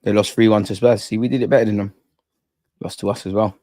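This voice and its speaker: A man hosting a live football watch-along, chatting in excitable, slangy banter with his viewers. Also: fairly low pitch, quick pace, no echo. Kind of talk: live fan commentary and chat.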